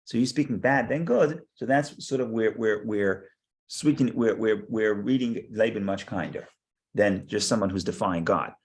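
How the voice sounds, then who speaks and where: Guy with a lowish voice teaching a torah class, reads verses then explains, lots of restarts. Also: normal speed, darkish tone. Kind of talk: text study class.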